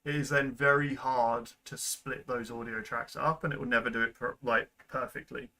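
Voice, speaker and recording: A young man at his computer, explaining video editing steps in a relaxed, rambling way full of ums and likes. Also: mid-range voice, moderate pace, poor audio. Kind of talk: casual screen-recorded tutorial. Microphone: desk microphone at a computer.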